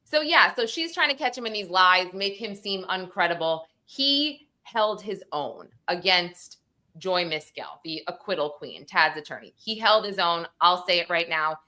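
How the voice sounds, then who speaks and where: A woman's voice: fairly low pitch, normal speed. A woman host recapping a court hearing on a livestream, emotional and close to tears, acting out the lines of people in court. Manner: tearful, animated, acts out courtroom quotes. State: crying, sniffly. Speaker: true crime show host.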